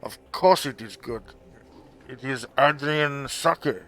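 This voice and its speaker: A man's voice: medium pitch, slow, fairly bright tone. A man voicing a fussy old male sake merchant who speaks in short, clipped phrases. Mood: curt. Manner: curt, clipped shopkeeper phrasing.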